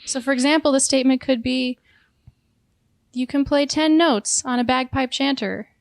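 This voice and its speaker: A woman co-hosts a podcast trivia game with upbeat, laughing banter. Her voice sits a little high and sounds dry and close to the mic. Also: steady tone, normal speed, vocal fry, no echo. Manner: upbeat, laughing, explains rules. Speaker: podcast co-host running the quiz. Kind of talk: casual game-show banter.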